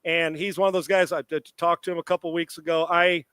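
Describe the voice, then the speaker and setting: A middle-aged man co-hosting a sports talk show, telling a long, animated story with quoted dialogue and salty language. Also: a little high, fairly quick, clear, resonant tone, dry recording.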